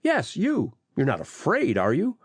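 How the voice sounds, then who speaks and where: A man reading an audiobook, voicing a gruff, commanding police chief. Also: on the high side, huge pitch swings, measured pace, no echo, exaggerated voice. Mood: bossy. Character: bossy small-town police chief, man.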